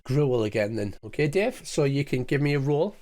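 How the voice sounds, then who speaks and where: A man's voice: mid-range voice, animated, moderate pace, a little mellow. Man running a tabletop game. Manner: descriptive, chatty scene-setting. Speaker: game master.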